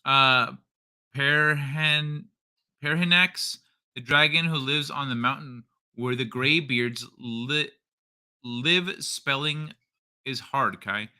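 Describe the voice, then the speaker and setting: A man's voice: mid-range voice, takes it slowly, sharp tone. A young man hosting a casual late-night stream, joking around with loose slang and frequent laughter. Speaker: host.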